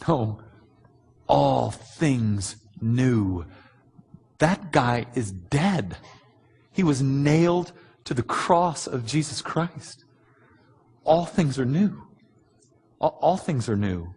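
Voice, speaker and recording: A man preaching a sermon, answering written questions earnestly and bluntly with many pauses. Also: medium pitch, darkish tone, breathy edge. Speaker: pastor. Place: large church hall. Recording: long hall reverb.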